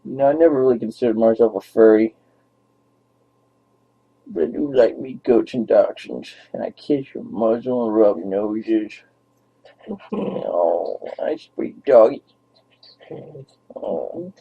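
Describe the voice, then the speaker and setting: A man's voice: on the low side, unhurried, gravelly, long pauses, slightly rough. A young man rambling playfully to his dog on camera in baby talk, as a vlogger. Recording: tinny phone-like lo-fi audio.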